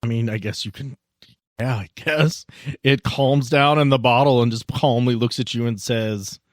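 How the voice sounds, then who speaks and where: A man's voice: medium pitch, steady tone, normal speed, no echo, clean studio sound. A man narrating a tabletop game as game master in a laid-back, conversational way.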